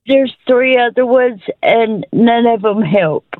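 A woman's voice: a little high, no room sound. Tearful, apologetic woman caller, tinny phone line, dry sound. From Georgia, USA. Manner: apologetic, halting. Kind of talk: phoning in to a radio show. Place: parked car.

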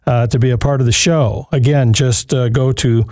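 A man's voice: mid-range voice, steady tone, moderate pace, a little mellow, dry recording, clean studio sound. A man hosting a radio call-in show, giving earnest advice and reading out the phone number. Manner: earnest, advising, reflective. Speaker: radio talk show host.

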